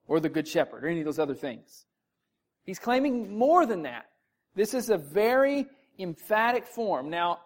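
A Bible teacher explaining scripture to a group, reading verses aloud and asking listeners direct questions. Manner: emphatic, rises in pitch and volume on key points.

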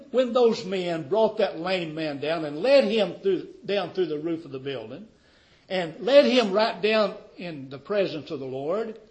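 A man preaching a sermon with fervor, firing rhetorical questions at his congregation and swinging from loud declarations to quiet, dropped endings. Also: high-pitched, rough recording. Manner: fervent, rhetorical questions, wide swings in loudness.

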